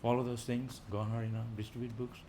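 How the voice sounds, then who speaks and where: Animated man giving an informal talk. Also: medium pitch, fast talker, noisy background. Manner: animated, rising loud for emphasis, chuckling. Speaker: visiting speaker.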